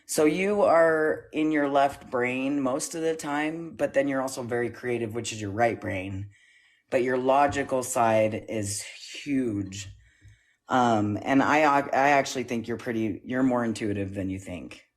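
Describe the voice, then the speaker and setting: A man's voice: medium pitch, unhurried. A man calling in to give an energy reading, hesitant, full of ums and likes, a little out of breath. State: slightly out of breath. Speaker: caller, self-described psychic. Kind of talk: casual call-in reading.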